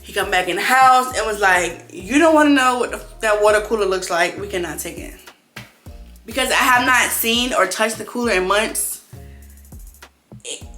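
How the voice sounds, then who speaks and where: A young woman who owns a clothing brand vlogs a casual story about her small business, animated and swearing freely as she acts out her own frustrated thoughts. Her medium-pitched voice is bright and forceful. The room echoes noticeably, with faint music underneath.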